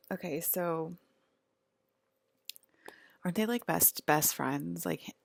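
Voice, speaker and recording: Woman vlogger, deep fry-heavy voice, rambling casual monologue full of fillers. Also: no room sound. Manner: rambling and halting, many fillers.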